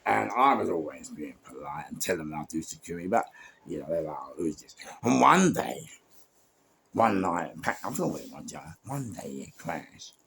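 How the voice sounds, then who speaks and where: Casting note: London man, low gravelly husky voice, rambling anecdotal storyteller. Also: moderate pace, a little hiss or hum. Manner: rambling, many restarts and fillers, animated asides. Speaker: podcast guest storyteller. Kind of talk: casual storytelling.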